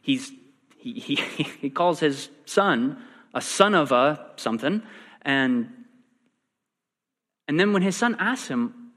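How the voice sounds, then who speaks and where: A man preaching a sermon, animated and acting out the quoted lines. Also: mid-range voice, slow pace, long pauses. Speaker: pastor. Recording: long reverb in a large hall.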